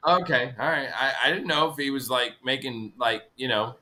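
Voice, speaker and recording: A man guest on a fishing stream, telling stories in an animated, swearing way. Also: mid-range voice, normal speed. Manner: animated, swearing anecdote teller. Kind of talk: casual storytelling chat.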